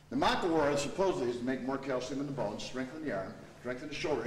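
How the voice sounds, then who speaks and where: A man teaching a martial arts seminar, coaching students while demonstrating technique. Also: mid-range voice. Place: training hall at a seminar. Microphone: camera mic from a distance. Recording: echoey hall from far off, noisy.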